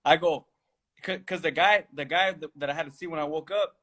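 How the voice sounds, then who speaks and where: Guy rattling off a story super quick, kinda high voice, swearing a lot, acts out all the quotes. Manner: profane, animated storyteller acting out quotes. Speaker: guest fighter. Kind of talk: casual chat, storytelling.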